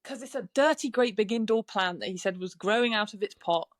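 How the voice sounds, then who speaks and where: A woman guesting on a podcast, telling animated stories, swearing casually and acting out what people said. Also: mid-range voice, a little fast, no room sound. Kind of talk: casual storytelling chat. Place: podcast studio.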